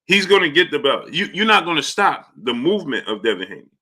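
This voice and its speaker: A man's voice: on the high side, sing-song, brisk, bright, forceful tone. A man hosting a live boxing stream, arguing his points and greeting chat viewers by name. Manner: argumentative, repeats points. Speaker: boxing show host.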